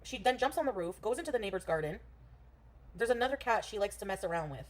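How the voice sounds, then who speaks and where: A woman chatting on a phone livestream while she rides a scooter through traffic, rambling from one thought to the next. She raises her voice to carry over the street. Her pitch sits in a middle range for a woman, and vehicle sounds run behind her. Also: lively intonation, fast talker. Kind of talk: casual live chat while out and about.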